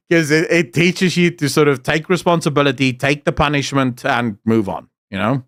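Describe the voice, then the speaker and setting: A man's voice: fairly high pitch, moderate pace, fairly bright tone, no room sound, clean studio sound. A man with a South African accent, a streamer telling blunt, profane stories in casual chat.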